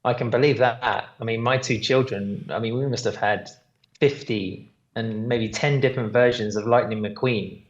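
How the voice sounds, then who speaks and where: A man's voice: mid-range voice, steady tone, normal speed. A British man tells long, wandering anecdotes as a podcast guest, leaning on plenty of ums and uhs. His voice sits in a middle register. It comes through with a slightly dull, lo-fi sound. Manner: rambling anecdotal storyteller, many fillers. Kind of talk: casual podcast chat.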